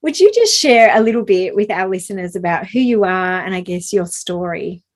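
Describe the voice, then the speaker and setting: A woman's voice: medium pitch, lively intonation, normal speed. A woman hosting a podcast interview, effusive and enthusiastic. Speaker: podcast host.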